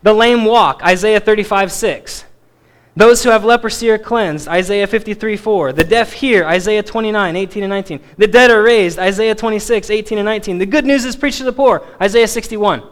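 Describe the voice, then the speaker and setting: A man teaching a Bible passage in a sermon, stressing key words emphatically and dropping to quiet asides. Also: sits high, fairly quick. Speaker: preacher.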